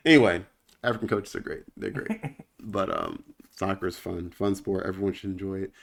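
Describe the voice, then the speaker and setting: A man's voice: sits low, moderate pace, creaky. A man hosting a podcast in casual chat, rambling off on tangents and laughing often. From Nigeria and United States. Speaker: podcast host.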